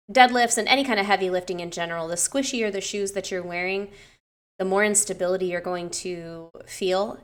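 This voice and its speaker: A young woman who works as a personal trainer casually reviews her clients' lifting technique in a voice on the low side. She's chatty, swears freely, and gushes with excitement.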